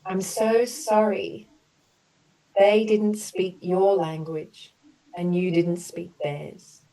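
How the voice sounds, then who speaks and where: A woman leading an online group healing session, slowly offering soothing apologies and then explaining in a loose, chatty way. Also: fairly low pitch, little pitch movement, dark tone, far from the mic, low-quality recording. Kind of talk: guided emotional healing session.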